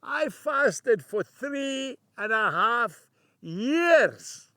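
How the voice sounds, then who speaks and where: A man's voice: very high voice, very animated, extremely slow, pushed and bright, no room sound, clean studio sound, voice pushed up, heavily acted. A man putting on a wry old Scottish dad.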